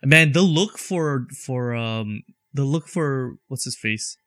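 A man's voice: medium pitch, lively intonation, takes it slowly, fairly bright tone, dry recording, studio quality. Laughing young man rambling about a film. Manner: laughs often, rambling with restarts. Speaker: movie watch-along co-host. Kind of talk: casual chat.

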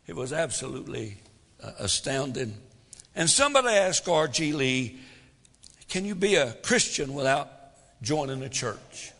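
A man preaches slowly and deliberately, his bright, forceful voice rising and falling dramatically. He moves between loud emphasis and hushed asides. The sound rings out in a hall with long reverb. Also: mid-range voice, very animated, vocal fry. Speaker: pastor. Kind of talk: sermon.

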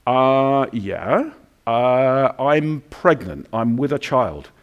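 A man voicing a young pregnant woman, who explains herself in halting, hesitant phrases. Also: medium pitch, expressive, lo-fi sound.

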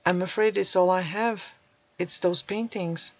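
A woman reading a storybook aloud, voicing a gentle elderly man who answers peacefully and humbly. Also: on the low side, steady tone, measured pace, no echo. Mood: calm. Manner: peaceful, humble and soft-spoken. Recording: dull dry recording.

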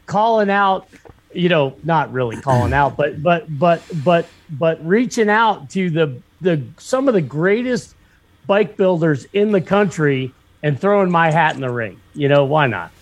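A motorcycle shop owner from northwestern Pennsylvania, telling a story in casual chat, rambling and profane with lots of fillers and restarts. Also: male voice, high-pitched.

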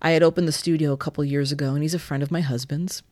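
A woman who runs a yoga studio, telling a story in an animated way on a podcast. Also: deep voice, racing, dry recording. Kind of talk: casual storytelling chat.

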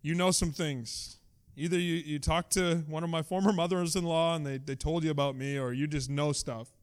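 A man's voice: fairly high pitch, fairly even intonation, moderate pace, clean tone, natural voice. A man raising his voice into a curious, wry woman at a well. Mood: bewildered. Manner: chatty modern-sounding paraphrase, sardonic.

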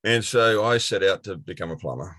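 A man's voice: sits low, a little fast, pushed and bright, dry recording. A middle-aged Australian man telling his life story earnestly as an interview guest, with many fillers and restarts. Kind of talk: personal testimony in an interview.

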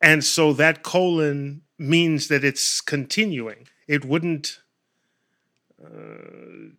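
Brief: male study-group member, fairly high and bright, insistent in debate. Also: sing-song, very slow, gravelly. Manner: careful reader, argues his point insistently. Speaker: Bible study participant. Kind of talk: scripture reading and discussion.

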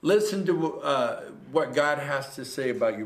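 A man's voice: mid-range voice, lively intonation, normal speed, few pauses. A man preaching a livestreamed sermon as a pastor, earnest and repetitive, building to exhortation. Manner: earnest, repeats phrases, rises to exhortation. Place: church room. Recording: echoey room.

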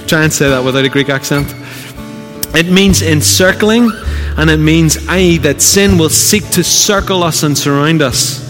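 A male pastor from Northern Ireland preaches with earnest urgency and keeps turning to the congregation with direct questions. His voice sits fairly high and rings out in a reverberant church hall. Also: moderate pace, fairly bright tone, faint music behind. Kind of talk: sermon.

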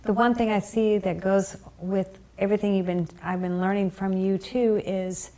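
A woman hosting a faith podcast, speaking in an encouraging, affirming way and halting now and then. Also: mid-range voice, fairly even intonation, dark tone. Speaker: podcast host. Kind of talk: casual faith conversation.

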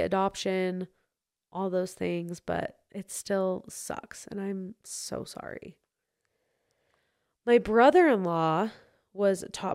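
A young woman hosting a solo podcast, chatting casually with many likes and ums, softening into a gentle, consoling tone when things turn serious. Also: mid-range voice, creaky, no echo, clean studio sound. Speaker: podcast host. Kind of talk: solo podcast chat answering listener messages.

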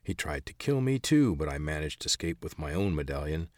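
A man voicing a bitter, secretive old man who hides in caverns, calm one moment and snappish the next. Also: a bass voice, brisk, studio quality, full character voice. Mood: calm, knowing. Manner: calm but snappish, hacking cough. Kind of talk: audiobook character voice.

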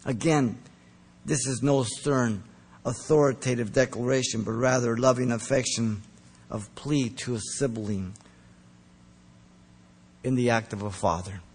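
A man preaching a sermon, earnest and emphatic, pressing his points hard and then dropping soft. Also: mid-range voice, a little slow, long pauses, husky. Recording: long reverb of a large hall.

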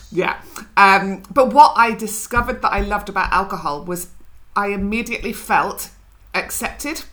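A woman's voice: mid-range voice, sharp tone. A middle-aged woman from Scotland, a guest on an interview podcast, talking frankly and reflectively about her own life. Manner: reflective, frank, laughs through her story. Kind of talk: candid conversational storytelling.

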